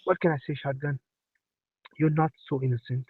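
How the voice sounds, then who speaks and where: A man co-hosting a loose live-stream chat, his voice a touch high and coming through thin and phone-like. He stalls and repeats words as he talks, with a polite, dry-sounding delivery. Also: level tone, normal speed, pauses often, husky, no echo. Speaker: show co-host. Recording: tinny phone-like line, dry.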